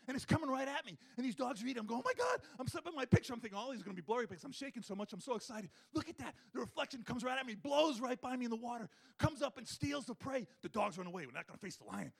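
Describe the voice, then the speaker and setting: A man telling a wildlife story to an audience in an animated way, acting out his own thoughts and the animals with big swings of voice. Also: extremely high pitch, vocal fry, husky. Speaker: wildlife photographer giving a talk.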